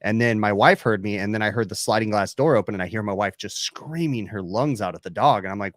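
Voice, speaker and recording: Male co-host, fast rambling storyteller, dry close sound. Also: on the low side, no room sound. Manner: quick, rambling anecdotes with swearing. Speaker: podcast co-host. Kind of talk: casual chat.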